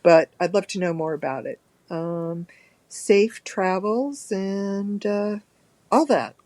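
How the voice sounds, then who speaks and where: A woman leaving a voice message for a podcast, sleepy from just waking up, talking in a relaxed, drawn-out way. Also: medium pitch, dry recording. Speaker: caller. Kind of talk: recorded voice message.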